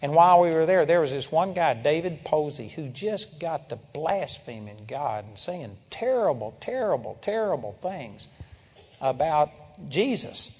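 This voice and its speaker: Animated older preacher in an echoing hall. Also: male voice, fairly high pitch, measured pace, breathy edge. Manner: storytelling, animated, breaks into loud praise shouts. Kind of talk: sermon. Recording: long hall reverb.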